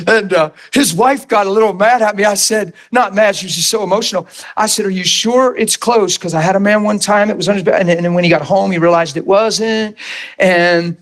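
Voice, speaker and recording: A man preaching a sermon, telling a healing story with lively acted-out quotes. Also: fairly quick. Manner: animated storytelling, acts out quotes in high excited voice.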